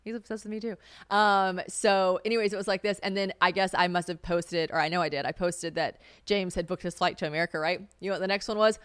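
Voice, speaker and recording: A woman's voice: on the low side, fairly even intonation, quick pace, a bit bright, clear, resonant tone, no room sound, studio quality. A young woman from South Carolina hosting a podcast solo, chatting casually in a sassy way, swearing freely and laughing often. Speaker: podcast host.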